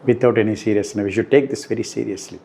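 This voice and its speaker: A middle-aged man, giving a slow, deliberate spiritual talk that turns emphatic on key points. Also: lowish voice, steady tone, gravelly, dark tone. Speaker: spiritual teacher. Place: room indoors.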